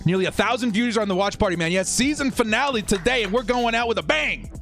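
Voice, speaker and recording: A young man hosting a live watch-party stream, chatting with viewers and getting excited over each play. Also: high voice, fast, creaky, faint music behind.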